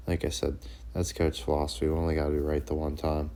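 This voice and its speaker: A man with a low, gravelly voice rambles through a casual sports chat. His tone is dark and mellow, and he swears freely. He keeps calling himself Coach in the third person. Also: monotone, fast. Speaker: sports show host.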